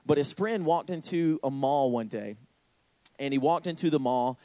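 A young man preaching a sermon, telling a story with lively, sudden high exclamations. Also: moderate pace, no room sound. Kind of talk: sermon with anecdote.

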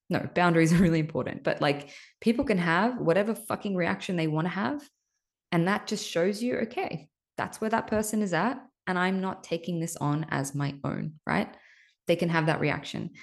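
A woman talks through her own experiences on a podcast in a fairly low voice. She is frank and emphatic, swears freely and keeps turning to the listener with "right?". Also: darkish tone. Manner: candid and emphatic, swears casually, frequent "right?". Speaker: podcast host. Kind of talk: personal storytelling monologue.

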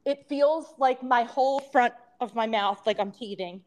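A woman's voice: fairly high pitch, moderate pace, a little mellow. A woman in her thirties with a lisp, chatting casually as a podcast co-host and rambling with frequent laughter. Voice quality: lisp from temporary crowns. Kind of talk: casual chat.

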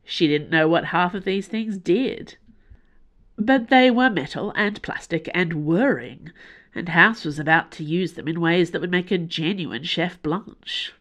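A woman hosting a podcast, reading a fiction serial aloud with expressive, measured delivery, recorded in a small room with a closed door. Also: lowish voice. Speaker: podcast host and reader. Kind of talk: audiobook serial narration.

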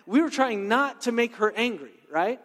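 A man preaching a sermon in a conversational, animated way, full of personal stories and checking in with "right?". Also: extremely high pitch, moderate pace. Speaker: pastor. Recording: long reverb of a large hall.

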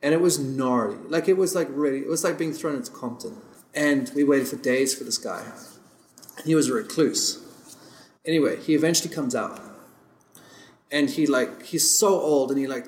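A man's voice: medium pitch, brisk. A man from South Africa, a podcast guest telling stories in casual chat, rambling and heavy on fillers, often chuckling as he talks. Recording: roomy podcast room echo.

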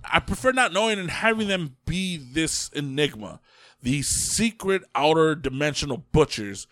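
A man co-hosting a casual podcast chat, profane and animated, often laughing. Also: a little high, moderate pace, no room sound, studio quality. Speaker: podcast co-host.

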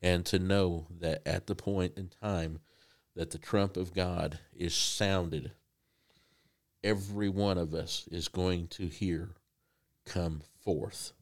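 A man preaching a sermon in a conversational, halting way with frequent restarts. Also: low voice, fairly even intonation.

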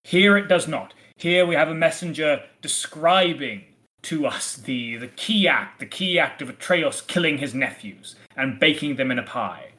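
A man co-hosting a podcast in casual discussion, animated and playfully acting out quoted lines. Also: on the high side, moderate pace. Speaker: podcast co-host.

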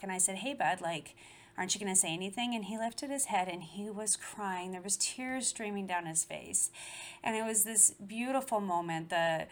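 A woman in her forties, talking casually and telling a personal story with animation and frequent laughs. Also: medium pitch. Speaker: guest. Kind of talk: casual conversation.

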